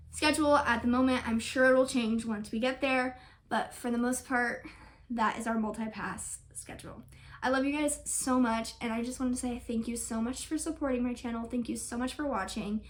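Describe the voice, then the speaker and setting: A young woman vlogging in a chatty, rambling, effusive way as she talks through her plans to camera. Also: fairly high pitch. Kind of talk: casual chat to camera.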